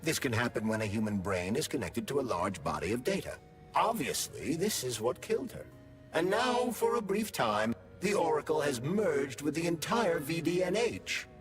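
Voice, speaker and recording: Cool clinical male AI, very animated intonation, game voice. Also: on the high side, over music. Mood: analytical. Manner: measured, formal, clinical. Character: calm analytical male AI companion.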